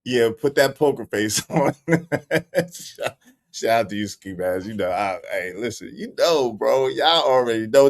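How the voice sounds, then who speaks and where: A man's voice: mid-range voice, unhurried, creaky. A male live stream host who thanks donors and teases his chat, laughing often and repeating himself. His voice swings widely up and down as he talks. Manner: animated, teasing, laughs often, repeats phrases.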